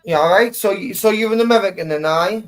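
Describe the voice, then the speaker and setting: A man hosting a live stream, blunt and sweary, talking fast and getting worked up. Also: high-pitched. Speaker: stream host. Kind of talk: casual chat on a live stream.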